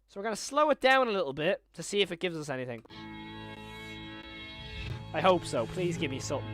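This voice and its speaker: A young man talking his way through a live stream in a chatty, rambling manner, quickly getting excited. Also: a little high, soft background music.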